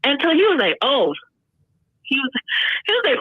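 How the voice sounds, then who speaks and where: A woman calling in to a podcast, telling a dating story in an animated, sassy way. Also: high voice, brisk, no room sound, lo-fi sound. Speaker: caller. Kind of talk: casual call-in storytelling.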